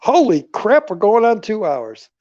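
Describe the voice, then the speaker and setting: A man hosting a casual livestream, rambling through stories with animated swings between loud remarks and murmured asides. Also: high-pitched, unhurried, no echo. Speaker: livestream host. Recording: dull lo-fi livestream audio.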